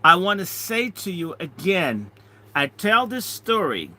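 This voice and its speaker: A middle-aged man, a minister, telling a story in an animated way, swinging between loud and hushed. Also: sits high, a little slow. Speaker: minister and speaker. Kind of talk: storytelling talk.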